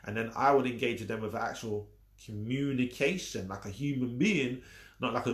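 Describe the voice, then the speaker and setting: A man's voice: mid-range voice, normal speed, a bit bright. A man coaching viewers on a live stream, talking emphatically, repeating his points and teasing his audience. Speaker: social media coach hosting a live stream. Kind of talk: casual live-stream teaching. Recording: roomy echo.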